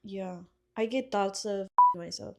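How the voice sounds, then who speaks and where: A woman's voice: medium pitch, measured pace, very noisy. A young woman co-hosting a podcast with her sisters, talking bluntly in casual chat and swearing freely. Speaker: podcast co-host.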